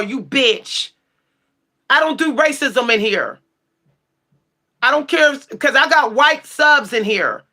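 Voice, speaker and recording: A woman hosting a livestream tarot channel goes off at her chat in a high voice with a bright, sharp edge. Blunt, sassy, and profane, she rises to shouting when heated.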